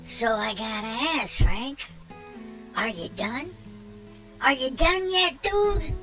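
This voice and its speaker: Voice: high-pitched, slow pace, exaggerated voice, poor audio. A performer voicing a chatty, hyped-up male robot buddy who talks at length and mocks those who pester him. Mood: earnest. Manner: long-winded, animated, mocking. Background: clear music.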